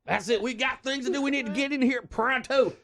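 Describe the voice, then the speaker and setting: A shrill, bright-toned old gold miner who can't sit still. He swears and blusters in a folksy drawl during a tabletop game. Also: a little fast. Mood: impatient. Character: cranky, impatient old male gold prospector. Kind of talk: tabletop role-play.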